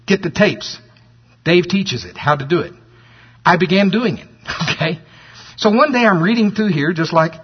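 A man preaching a sermon, reading scripture slowly and stressing key words, turning animated when he makes a point, from a dull old sermon tape. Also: on the high side, breathy edge.

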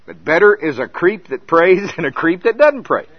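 Older male preacher, animated storyteller, slightly high voice, dull lo-fi sound. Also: moderate pace, slightly rough, dry recording. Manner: animated storytelling, acts out scenes. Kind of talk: sermon. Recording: dull lo-fi recording.

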